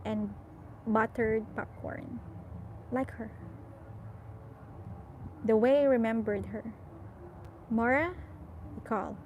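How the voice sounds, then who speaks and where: Woman reading a novel, slightly high voice. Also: slight background noise, poor audio. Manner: measured, softly expressive storytelling. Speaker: audiobook reader.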